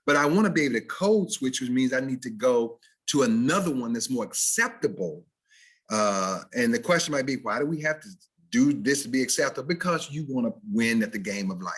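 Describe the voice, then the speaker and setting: A Southern American man teaches diction to students in a recorded video-call presentation. His medium-pitched, slightly husky voice moves fairly quickly and animatedly, dropping into casual dialect examples for contrast before returning to careful speech.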